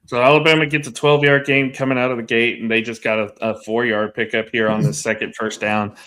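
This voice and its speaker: A man co-hosting a watch-along, giving steady casual play-by-play of a football game. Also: medium pitch, a little fast. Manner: steady play-by-play, agrees with short acknowledgements.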